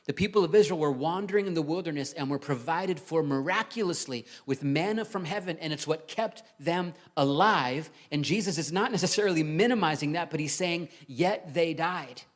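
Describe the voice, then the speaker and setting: A man's voice: a little high, a little fast, hardly any pauses. Man, pastor, sermon in church, chatty delivery, rhetorical questions to the congregation.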